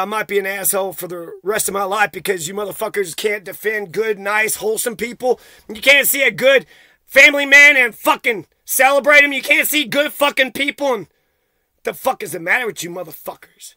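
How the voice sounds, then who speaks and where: A man with a very high, sharp and piercing voice unloads a profane, accusatory rant straight at the camera. His heated delivery sounds close and completely dry, with no room at all around it. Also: fairly quick, no room sound. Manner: heated, swearing constantly, accusatory. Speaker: vlogger.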